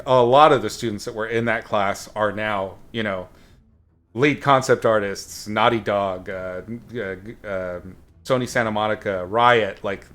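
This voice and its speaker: This painting instructor's voice is on the low side but pushed and bright. He streams himself painting and tells a casual, drifting story packed with fillers and some blunt swearing.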